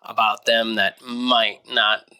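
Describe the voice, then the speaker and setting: A man's voice: on the low side, little pitch movement, slow pace, bright, forceful tone, clean tone. A laid-back man hosting a casual podcast chat, using slang like "dope" and "dude". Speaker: podcast host.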